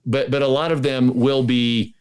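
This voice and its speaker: A man's voice: medium pitch, fairly even intonation, moderate pace, a little mellow, clear, resonant tone. A man as a guest in an interview, talking casually and eagerly, often restarting and repeating words. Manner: enthusiastic, many restarts and repetitions.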